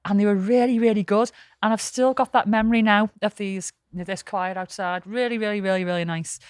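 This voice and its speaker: A woman chatting on a podcast, swearing freely as she spins her stories. Her voice is mid-pitched and the recording is close and dry, with no room sound at all. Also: fairly quick, smooth, no echo. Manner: swearing, storytelling, lively anecdotes. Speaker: podcast co-host. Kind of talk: casual podcast chat.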